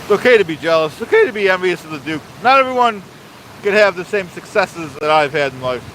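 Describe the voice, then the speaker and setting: A man livestreaming on a phone outdoors by a waterfall, with a high voice. He is pompous and mock-authoritarian, refers to himself in the third person and hammers the same points again and again. A faint outdoor hiss runs underneath. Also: lively intonation, fast talker, fairly bright tone, poor audio. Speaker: livestream host. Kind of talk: live-streamed rant reading chat.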